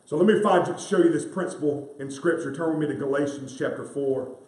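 A man's voice: fairly high pitch, fairly quick, a little mellow. A man preaching a sermon as pastor, emphatic and repeating key phrases to the congregation he calls friends. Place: church sanctuary. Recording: roomy sound from a distant mic.

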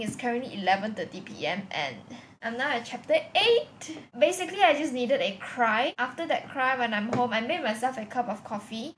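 A woman's voice: on the high side, a little hiss or hum. A young woman with a Malaysian English accent, chatting expressively in a casual vlog and telling stories with lots of "like" fillers. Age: young adult. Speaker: vlogger.

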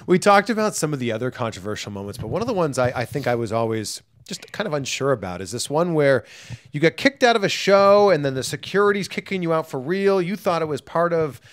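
A man hosting a relaxed interview. He asks questions in a playful, chatty way. His voice sits a little high and moves around a lot in pitch. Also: fast talker. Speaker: interview host. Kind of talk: casual interview.

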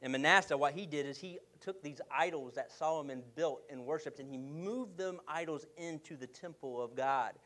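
A male pastor preaches with a fairly high voice and a lively storytelling manner. He jokes with his congregation and acts out the characters as he goes. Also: moderate pace, few pauses. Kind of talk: sermon.

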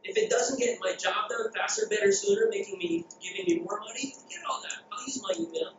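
High-voiced energetic man in an echoey hall. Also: a little fast, hardly any pauses, a little hiss or hum. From Philippines. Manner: energetic, jokey, asks the crowd questions. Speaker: conference speaker. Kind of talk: keynote presentation. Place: conference hall. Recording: echoey dull hall recording.

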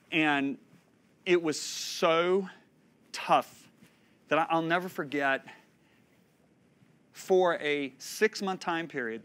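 Fifties male preacher, slightly high voice, expressive storyteller who swings between loud and hushed. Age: 50s. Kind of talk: sermon teaching.

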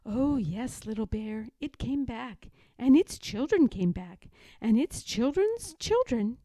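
A woman voicing a patient grandmother bear in a storybook, speaking gently and soothingly. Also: a little high, very animated, takes it slowly, no echo, full character voice. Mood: reassuring.

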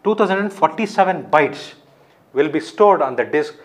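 A man's voice: on the high side, animated, normal speed. A man giving a recorded lecture, explaining step by step, often asking his own questions and answering them.

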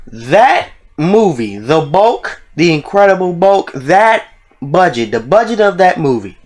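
A man hosting a reaction video, talking casually, exclaiming in disbelief and swearing freely. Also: on the high side.

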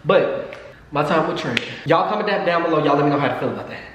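A man telling a storytime in a casual, excitable, profane way to his viewers. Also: a little high, fast talker. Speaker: vlogger. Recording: echoey room with long reverb, faint noise.

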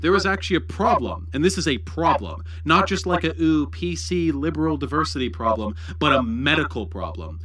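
A man's voice: on the high side, sing-song, a little fast, few pauses, a bit bright, slightly rough. A man giving livestream commentary on a video, mocking and swearing as he talks.

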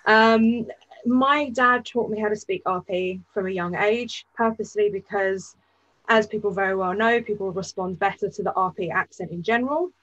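A woman's voice: mid-range voice, moderate pace, a bit bright. A blunt, self-assured woman with an East London accent that drifts toward RP speaks on a panel. She is heard over a video call, and the sound is slightly dull. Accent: East London, shifting toward RP. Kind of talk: panel discussion.

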